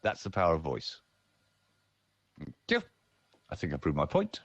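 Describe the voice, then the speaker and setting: A man's voice: rumbling low, wildly swooping pitch, moderate pace, breathy edge, no echo, highs cut off. A man who works as a voice-over artist and speaker, talking playfully and theatrically in a podcast conversation.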